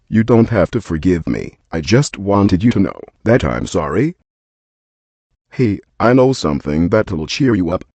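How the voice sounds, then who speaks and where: A man's voice: sits low, darkish tone, dry recording, full character voice. A man voicing a short-tempered alien loner in a fan cartoon, blunt and foul-mouthed. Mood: apologetic. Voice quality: profane, blunt.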